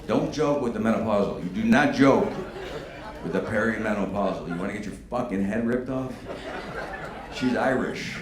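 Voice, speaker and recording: A man in his fifties doing a stand-up comedy set, with a profane, animated, punchy delivery. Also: fairly low pitch, a little fast, crowd noise. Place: comedy venue on stage. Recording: echoey room with background noise.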